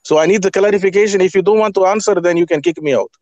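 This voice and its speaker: A man calling in to argue a religious point, halting and repeating himself as he questions the host. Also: high-pitched, darkish tone, no room sound, dull audio. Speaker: caller. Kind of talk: heated religious debate.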